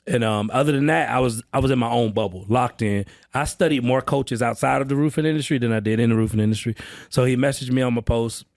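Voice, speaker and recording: A man guests on a podcast and tells his story with lots of energy and loose street slang. His pitch sits in a middle range for a man. The recording is dry and close to the mic. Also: quick pace, no echo. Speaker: podcast guest, sales trainer. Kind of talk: casual podcast chat. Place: on-site session at a roofing company.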